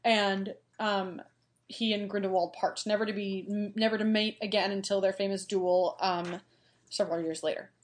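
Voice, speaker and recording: A woman's voice: mid-range voice, steady tone, moderate pace. A woman co-hosting a podcast, chatting casually about a book, loose and full of fillers. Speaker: podcast co-host. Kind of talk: casual book-discussion chat.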